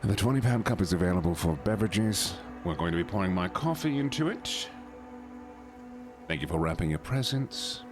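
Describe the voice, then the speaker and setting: A man's voice: deep voice, expressive, moderate pace, music in the background. A man streaming a video game, joking with his chat and reading the game's text aloud. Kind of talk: casual livestream commentary.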